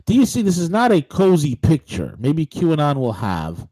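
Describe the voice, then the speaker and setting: A man's voice: a little high, wildly swooping pitch, normal speed, dark tone, no echo, rough recording. A man co-hosting a political talk show, ranting emphatically with rhetorical questions and frequent restarts. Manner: many restarts and fillers. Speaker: show co-host.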